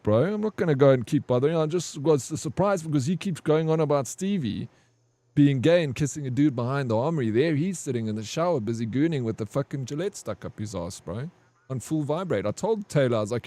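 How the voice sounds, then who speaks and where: A man's voice: fairly high pitch, animated, a little fast, dark tone, no echo. A man streaming a game, telling a long, rambling anecdote with plenty of swearing and "bro". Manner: rambling, profane, says "bro" a lot. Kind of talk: casual storytelling over gameplay.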